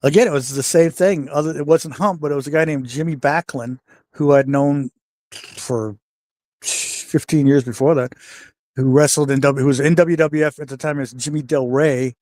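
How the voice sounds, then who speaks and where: A man's voice: fairly high pitch, normal speed, no echo, studio quality. A man, a retired pro wrestler and interview guest, telling stories in casual talk and acting out the voices of the people he quotes. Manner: animated storyteller, voices the people he quotes, swears freely.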